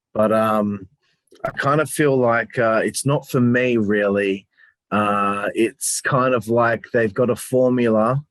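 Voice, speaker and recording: A man's voice: lowish voice, no room sound. A man co-hosting a casual review chat, talking in a rambling, hesitant way and swearing casually. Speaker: podcast co-host.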